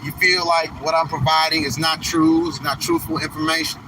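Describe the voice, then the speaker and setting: A man hosting a casual live stream, talking to his viewers in a slow, emphatic, preachy way. He stretches out the words he wants to stress. Steady car and road noise runs loudly under his voice. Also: a little high. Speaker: livestream host.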